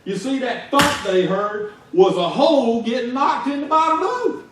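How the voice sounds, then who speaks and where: A man's voice: extremely high pitch, animated, normal speed, background noise. Man, Southern US accent, folksy sermon, distant mic, roomy church echo. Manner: folksy, conversational, rising to shouts in stories. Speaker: lay preacher. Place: church sanctuary. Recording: echoey church heard from far off.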